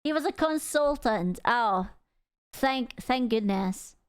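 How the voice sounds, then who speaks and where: A woman's voice: on the high side, lively intonation, slow pace, clear, resonant tone, dry recording, clean studio sound. A young woman streamer giving casual, chatty reaction commentary, often laughing and full of fillers.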